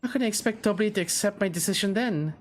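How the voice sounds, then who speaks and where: A man's voice: high voice, quick pace, natural voice. A man reading game dialogue aloud, voicing a hesitant, worried young man. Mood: troubled.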